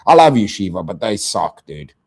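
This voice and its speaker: A man's voice: lowish voice, sing-song, normal speed, creaky, darkish tone, slightly rough. A young man ranting on a live stream, profane and exasperated, saying bro and dude constantly.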